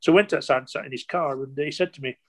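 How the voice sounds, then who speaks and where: A man's voice: a little high, quick pace. An older man from England, a former footballer telling rambling stories in an interview, full of restarts and quoted dialogue. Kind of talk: interview storytelling.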